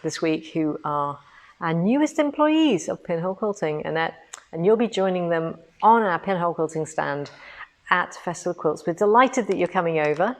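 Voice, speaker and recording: Bubbly chatty woman host. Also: on the low side. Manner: chatty, bubbly, laughs often. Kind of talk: casual live-stream chat.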